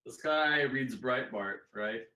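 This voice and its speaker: Jeering man, bright, echoey room. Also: medium pitch, takes it slowly. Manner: sardonic, jeering. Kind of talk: mocking side commentary.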